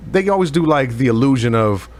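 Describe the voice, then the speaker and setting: A man's voice: medium pitch, expressive, fairly quick. A man chatting casually on a podcast, joking and laughing often. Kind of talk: casual chat. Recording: faint room ambience.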